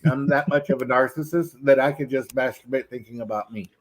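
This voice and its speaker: A man's voice: mid-range voice, brisk, rough recording. Brash joking man. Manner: brash, self-mocking bravado. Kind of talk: casual group chat.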